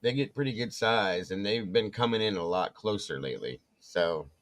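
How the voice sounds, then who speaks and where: At a moderate pace and with a voice on the low side, the co-host narrates a story in casual conversation. He's a lively teller who voices each quoted character.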